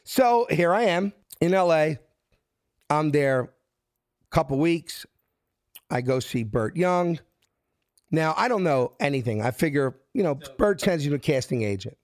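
A middle-aged man with a Philadelphia accent tells a story and acts out the other voices as he goes. His voice sits somewhat high and sounds close and dry. He moves quickly between quotes. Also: no room sound. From South Philadelphia. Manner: acts out quotes with shifting pitch, lively and fast. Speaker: guest telling his life story. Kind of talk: animated storytelling.

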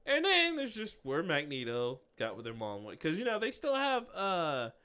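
Animated, high-voiced man chatting. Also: moderate pace, clear, resonant tone. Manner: animated, acts out scenes with many voices and laughs. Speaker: podcast co-host. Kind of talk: casual podcast chat.

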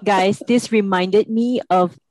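A woman's voice: medium pitch, fairly even intonation, slow pace, darkish tone, dry recording, poor audio. Casting note: opinionated female co-host, casual chat, dry close recording. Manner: opinionated, quotes people in a mocking tone. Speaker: podcast co-host. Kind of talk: casual chat reviewing a reality show.

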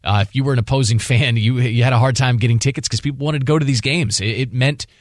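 A man's voice: medium pitch, quick pace, no echo, studio quality. A man hosting a sports radio show, talking passionately and rambling with restarts. He grew up in the Washington D.C. area. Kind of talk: casual sports talk.

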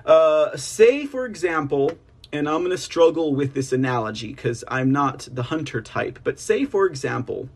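A man hosting an online political news livestream, rambling casually, reading statements aloud and speaking to viewers as ladies and gentlemen. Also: medium pitch, lively intonation, moderate pace, vocal fry, slightly rough. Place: home setup on a slow connection.

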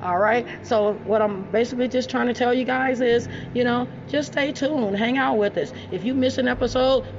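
A woman's voice: on the high side, moderate pace, hardly any pauses, music in the background. Woman podcast host, dull lo-fi sound. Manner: loud, profane, teasing banter with laughs. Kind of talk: casual podcast chat.

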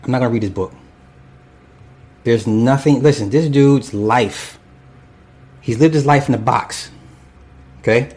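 Male streamer, mid-pitched, blunt and profane casual commentary, rambling delivery. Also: a little slow, long pauses, a little mellow. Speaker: live stream host reading chat.

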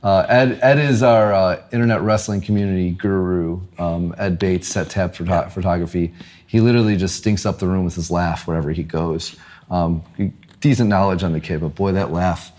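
A man's voice: sits low, fairly even intonation, normal speed, darkish tone. A man hosting a podcast in casual chat, laughing often and filling with ums. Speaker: podcast host.

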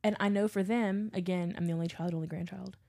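A young woman from South Louisiana, co-hosting a podcast in casual chat, telling animated stories and swearing freely. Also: lowish voice, quick pace, creaky. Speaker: podcast co-host.

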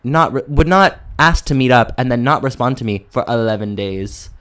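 A young man co-hosting a podcast, telling a story in a sassy, animated way and acting out quotes. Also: mid-range voice, normal speed, clear, resonant tone. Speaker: podcast co-host. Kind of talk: casual chat, storytelling.

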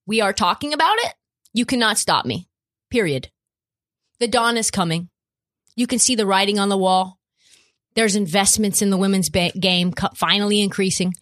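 A woman's voice: medium pitch, a bit bright. A woman hosting a sports podcast, giving opinionated commentary in an emphatic, swearing, ranting way.

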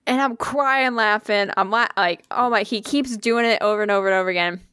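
A woman co-hosting a casual chat, telling a funny story in an animated, profane way with bursts of laughter. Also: mid-range voice, a little fast, clean tone, no echo, studio quality.

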